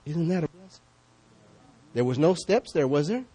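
Man, pastor, sermon, somewhat high voice, very lively pitch, loud calls and hushed asides. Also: normal speed, husky. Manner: conversational, asks the congregation questions.

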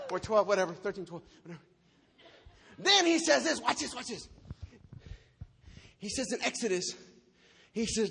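High, fervent shouting preacher man. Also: very animated, normal speed, gravelly, pauses often, a little hiss or hum. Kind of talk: sermon. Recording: long reverb in a large hall with music behind.

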